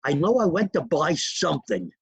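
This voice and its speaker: An older man, his voice gravelly and husky. He drifts from one memory to the next in a rambling, chatty way. The sound is close and dry. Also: a little high, sing-song, normal speed, no room sound. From New York. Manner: rambling, digressive storytelling with chuckles. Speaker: interview guest. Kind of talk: reminiscing in a casual interview.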